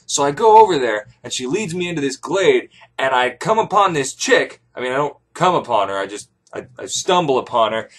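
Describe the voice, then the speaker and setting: Animated, profane male comic storyteller. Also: medium pitch, fairly quick, hardly any pauses. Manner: animated, profane, rambling jokes. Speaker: comedic storyteller. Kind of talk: comic first-person retelling of a myth.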